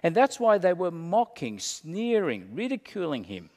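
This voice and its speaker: A man preaching as a pastor, slow and dramatic, dropping to a hush and then rising. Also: sits high, wildly swooping pitch, in a large hall. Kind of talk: sermon.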